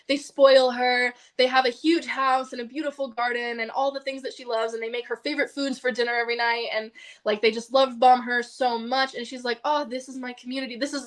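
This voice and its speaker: Chatty young woman telling a story. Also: on the high side. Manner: chatty, fills speech with "like". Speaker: guest. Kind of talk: casual storytelling.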